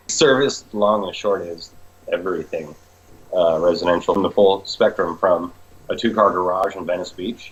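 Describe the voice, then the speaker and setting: A man with a very low voice chats about his real estate work in a casual interview. He jokes and tells stories like a salesman, and the recording sounds slightly dull and lo-fi. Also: fairly even intonation, a little fast.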